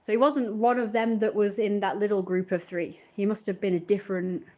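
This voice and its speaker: A woman's voice: mid-range voice, steady tone, fairly quick, darkish tone, dull audio. A woman on a live stream, telling a long rambling story in an indignant tone.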